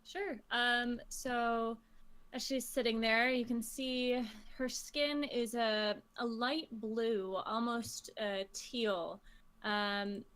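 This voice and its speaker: A woman playing a tabletop game, describing her character slowly and hesitantly, with fillers. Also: fairly high pitch, fairly even intonation, fairly bright tone, smooth. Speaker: player.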